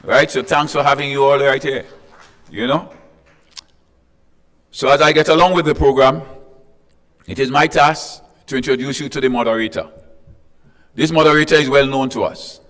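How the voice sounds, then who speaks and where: A man with a Tobagonian accent speaks at a middle pitch as the emcee of a formal panel event. He talks in a chatty, joking way, calling out to people in the crowd as he greets them. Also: fairly even intonation, moderate pace, pauses often, a bit bright, long reverb tail. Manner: chatty and joking, with asides to the audience. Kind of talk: ceremonial address with greetings. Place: hotel conference room.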